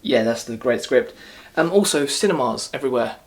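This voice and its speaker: A man rants his way through a movie review in a casual, mocking tone. He rambles, doubles back and restarts his sentences, with a voice of ordinary pitch for a man. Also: animated, a little fast.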